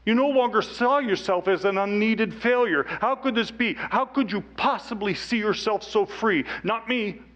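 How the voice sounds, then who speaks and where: A man speaking on stage, telling a personal story earnestly, dropping to hushed tones at times. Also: sits high, moderate pace, hardly any pauses, dull audio. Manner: earnest, with quiet hushed stretches. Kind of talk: emotional storytelling talk.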